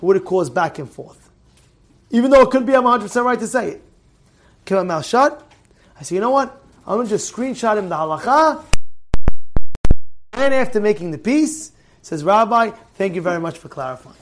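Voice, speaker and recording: Male rabbi, very high voice, emphatic repetitive preaching style with loud bursts and hushed asides. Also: expressive, normal speed, pauses often. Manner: emphatic, repeats phrases, swings between loud exclamations and quiet asides. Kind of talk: animated Torah class sermon.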